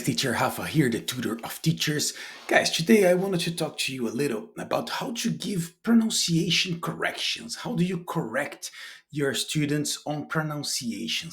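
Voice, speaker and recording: Animated, lively-pitched male teacher. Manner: animated, chatty, with playful demonstrations. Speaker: English teacher trainer. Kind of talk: casual video lesson to teachers.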